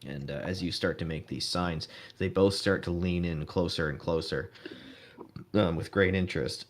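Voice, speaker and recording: A man narrating as game master of a tabletop game, relaxed and breaking into laughter now and then. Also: sits low, normal speed.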